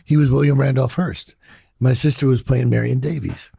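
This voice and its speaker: A man's voice: medium pitch, steady tone, normal speed, warm tone, dry recording, studio quality. A man in his sixties from Chicago, telling personal stories in a candid, profane, reflective way during an interview and acting out the voices of people he quotes. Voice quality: gravelly and husky.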